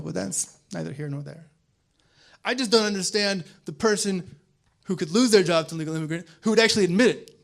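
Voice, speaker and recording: Stand-up comic, young man, slightly high voice, quick delivery that jumps into loud acted-out characters. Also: vocal fry. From American South. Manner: quick, animated, acts out voices with sudden loud bursts. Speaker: stand-up comedian. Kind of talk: stand-up set. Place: comedy club stage.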